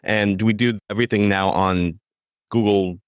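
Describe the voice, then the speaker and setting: A man telling a self-deprecating story in casual podcast chat, halting over his words. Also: lowish voice, steady tone, clear, resonant tone, no room sound, studio quality. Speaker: podcast guest.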